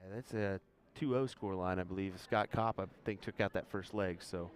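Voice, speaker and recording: A man doing live darts commentary with relaxed, easygoing banter. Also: deep voice, moderate pace.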